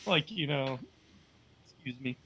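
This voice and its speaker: Upbeat rambling man, bright voice. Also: mid-range voice, animated, measured pace, breathy edge. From United States. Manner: rambling, upbeat, many fillers. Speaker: podcast guest. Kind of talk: casual storytelling.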